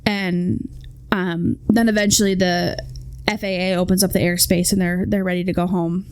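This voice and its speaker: A woman's voice: lowish voice, level tone, moderate pace, a little mellow, clean tone, no room sound. A young woman hosting a podcast, chatting casually and rambling with many fillers. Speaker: podcast host. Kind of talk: casual chat.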